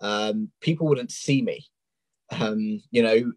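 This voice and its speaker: A man in his thirties from England with a London accent, a coaching client talking openly as a guest in a casual interview, with many ums and pauses. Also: lowish voice, a little mellow, dry recording, poor audio. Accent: London English. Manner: open and candid, with many ums. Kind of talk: casual interview on a live stream.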